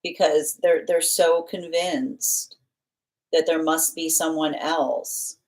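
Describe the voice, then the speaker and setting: Slow and flat, a woman with a low, slightly mellow voice reads tarot live. Her delivery loops in loose run-ons, heavy with fillers and restarts, as she mimics what other people might say.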